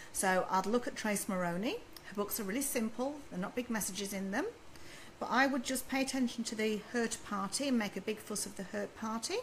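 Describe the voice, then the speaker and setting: A woman's voice: medium pitch, slight background noise, low-quality recording. A woman who works as a baby sleep consultant, answering viewers' questions in a chatty, reassuring way on a live video stream. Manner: reads questions aloud and advises in a chatty, reassuring way.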